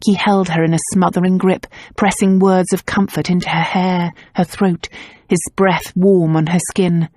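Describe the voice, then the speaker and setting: Here a woman narrates a romance novel for an audiobook, her scripted reading paced evenly and carefully. Her pitch is fairly low, and the sound is studio quality without echo.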